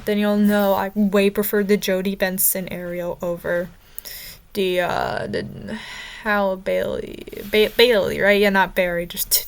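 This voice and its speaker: A woman's voice: medium pitch, smooth. Young woman rambling casually, lots of likes and ums, very opinionated. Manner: chatty and opinionated, with frequent fillers and stumbles. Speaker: vlogger ranking characters.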